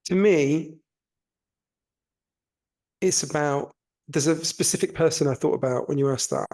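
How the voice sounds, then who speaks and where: Over a remote call, a guest author with a posh North London accent talks animatedly in a casual podcast interview, swearing freely and restarting to correct himself while sounding a little under the weather. His voice is a little high and his pace measured.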